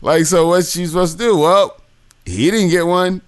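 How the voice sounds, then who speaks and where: A man's voice: high voice, normal speed, smooth. A man hosting a podcast, trading crude jokes and wisecracks in casual banter. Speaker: podcast host.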